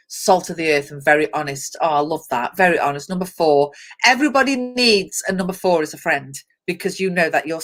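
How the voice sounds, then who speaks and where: With a lowish, fairly bright voice, this host runs a live internet chat show. She reads out lists of traits, talks to viewers by their names, walks through things step by step, and laughs a lot along the way.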